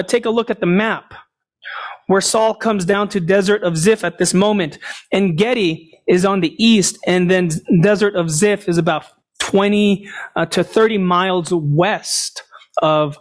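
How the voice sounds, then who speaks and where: High-voiced, slow-paced male preacher. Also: fairly even intonation. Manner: storytelling, explains passages, asks and answers his own questions. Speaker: pastor. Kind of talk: sermon.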